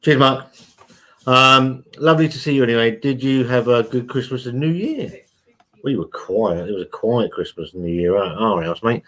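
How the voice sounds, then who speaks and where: A man hosting a casual live stream from home, reading out chat messages in a chatty, blunt, sweary way and calling everyone mate. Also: mid-range voice.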